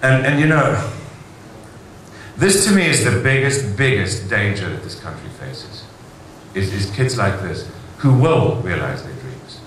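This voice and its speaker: A man's voice: fairly low pitch, sing-song, a little slow, a bit bright. A man giving an enthusiastic conference keynote speech in a large hall, telling stories with rhetorical asides. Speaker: conference speaker. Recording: very echoey hall, faint noise.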